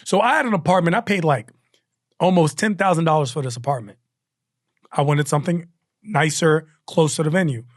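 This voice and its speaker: Animated male comedian, slightly high voice. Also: no room sound, clean studio sound. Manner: animated, loose, with quick asides and restarts. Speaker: comedian guest. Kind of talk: casual storytelling chat.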